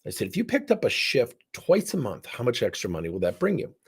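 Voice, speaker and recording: A man's voice: mid-range voice, a little fast, breathy edge. A middle-aged man who trains coaches, telling a story in a session and acting out the dialogue with theatrics. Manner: animated, acts out dialogue with theatrics.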